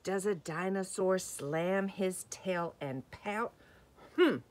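Soft lower-voiced lady doing story time for kids, slow and gentle, points out the pictures. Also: slight background noise. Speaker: children's story time reader. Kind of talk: reading a picture book to young children.

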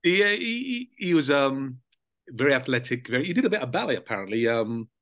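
An older man, a former footballer, recounting memories in a relaxed, reflective way with fillers and soft laughs. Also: mid-range voice, a little fast, no echo, muffled recording. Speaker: interview guest, former footballer. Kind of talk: casual reminiscing interview.

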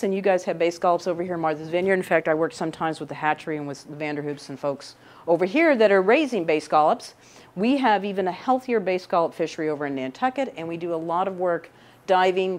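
A middle-aged woman scientist giving a casual, chatty talk to young people indoors, often checking in with "right?". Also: deep voice. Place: indoor room with a couch.

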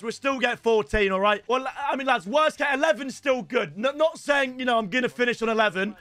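A young man commentating live on his own gameplay as a streamer, excitable and swinging between hype and groans. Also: high-pitched. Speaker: gaming streamer.

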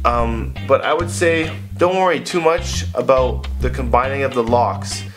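A man's voice: mid-range voice, measured pace. A man hosting a casual video Q&A, talking in a loose, playful, chatty way. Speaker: vlogger giving hair advice. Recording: guitar music playing behind.

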